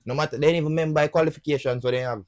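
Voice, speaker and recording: A man's voice: a little high, steady tone, racing, no echo, studio quality. A Jamaican man co-hosting a casual podcast chat, telling stories earnestly. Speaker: podcast co-host.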